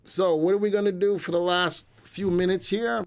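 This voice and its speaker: Hoarse upbeat male stock show host. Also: high voice, fairly even intonation, normal speed. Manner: upbeat, talks to viewers while clicking through charts. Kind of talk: live webinar commentary.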